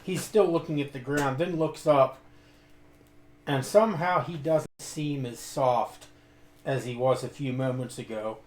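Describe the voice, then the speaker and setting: A man narrating his character in a tabletop game, telling it in a measured way with some hesitations, in an echoey room. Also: mid-range voice. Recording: echoey room with faint ambience.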